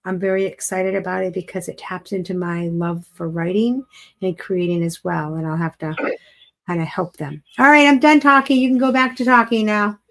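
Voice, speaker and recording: A woman's voice: on the low side, normal speed, gravelly. A woman teacher chatting on a live-stream show, telling a story with a lot of enthusiasm and plenty of fillers. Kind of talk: casual live-stream chat.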